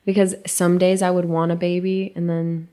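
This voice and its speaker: Young woman with a lower voice, telling a raw personal story on a podcast; halting, emotional, quiet at the hard parts. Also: little pitch movement, smooth. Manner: emotional, halting, soft and hushed at painful moments. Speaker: podcast co-host.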